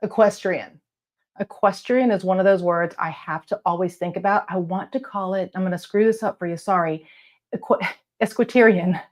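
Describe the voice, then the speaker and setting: A woman talking casually to camera from her office as a coach, blunt and encouraging, with some letters not said crisply. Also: fairly low pitch, fairly even intonation, brisk, hardly any pauses. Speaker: real estate video coach. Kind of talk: casual advice talk to camera. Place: home office lit by lamps.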